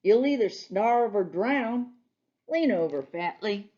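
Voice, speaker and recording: A woman voicing a bossy, cheerful old countrywoman who scolds in a brisk, folksy way, in a storybook reading. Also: medium pitch, animated, warm tone, dull audio.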